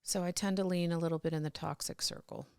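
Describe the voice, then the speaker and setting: A woman's voice: fairly low pitch, steady tone, fast talker, creaky, a little mellow, clear, resonant tone, dry recording, studio quality. A middle-aged woman telling candid personal stories as a podcast guest, rambling with restarts and laughs.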